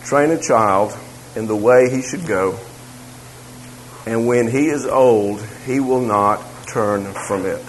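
A man's voice: mid-range voice, slow, a little hiss or hum, rough recording. Man teaching a Bible class. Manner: conversational, repeats phrases, asides to the room.

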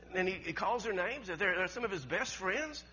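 A middle-aged man, preaching a storytelling sermon. He talks in a folksy way, repeats words, laughs often, and swings from loud to hushed. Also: high-pitched, lively intonation, normal speed, husky, highs cut off. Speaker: pastor.

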